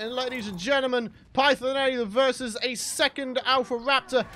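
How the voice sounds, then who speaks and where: A young British man giving excited, chatty let's play commentary as the host of a gaming channel. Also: extremely high pitch, moderate pace, hardly any pauses. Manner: excitable, chatty, bursts into shouts and laughs.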